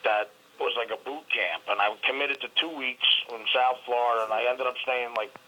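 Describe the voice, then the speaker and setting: Bright-voiced man telling frank stories. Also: mid-range voice, steady tone, brisk, poor audio. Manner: rambling, frank, self-mocking. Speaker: comedian guest. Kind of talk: candid storytelling interview.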